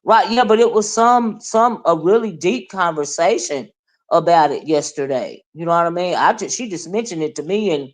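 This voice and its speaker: Low-voiced chatty woman livestream host. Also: animated, moderate pace. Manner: chatty, greets viewers, lots of "right?" and "y'all". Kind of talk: casual livestream chat.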